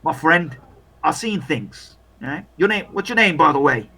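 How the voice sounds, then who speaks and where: A man's voice: on the high side, expressive, a little slow, pushed and bright, slightly rough, full character voice. Man doing an overly cheery blinded soldier. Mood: chummy. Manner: chummy, reassuring, jovial.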